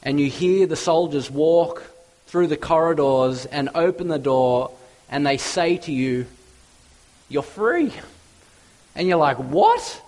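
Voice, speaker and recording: A man preaching a sermon with passion, stacking up lists that climb to loud peaks and then dropping low and hushed. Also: unhurried, low-quality recording.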